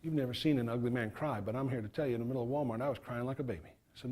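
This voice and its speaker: A middle-aged man from New York giving an animated fire safety talk, acting out the voices in his stories. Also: medium pitch, rapid-fire. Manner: animated, acts out quoted voices.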